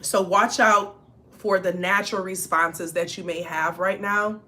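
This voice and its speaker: Her medium-pitched voice is steady, pushed and bright, and she speaks a little slowly. In a casual reading for her viewers, this spiritual reader relays messages from ancestors in a direct, emphatic, chatty way, often checking in with "okay?".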